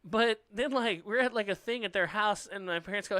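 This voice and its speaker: Brief: male comedian, bright crisp tone, dry close sound, blunt and swearing in casual chat. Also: high voice, fairly quick, no room sound. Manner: animated, profane, blunt opinions, mimics voices.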